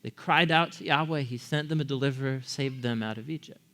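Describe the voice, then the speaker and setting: A man's voice: mid-range voice, fairly quick, fairly bright tone. A man preaching a sermon as pastor, talking to the congregation in a conversational way and asking them questions. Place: church.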